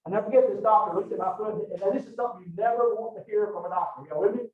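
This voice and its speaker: Male instructor, high voice, joking folksy lecturer, recorded far off with a tinny phone-like sound. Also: very fast, roomy sound. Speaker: anatomy instructor. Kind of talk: classroom lecture.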